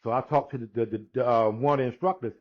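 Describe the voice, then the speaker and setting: A man in his sixties telling his personal testimony in conversation, unhurried, acting out the dialogue he quotes, with frequent restarts. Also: mid-range voice. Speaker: guest sharing his testimony. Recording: dull lo-fi recording.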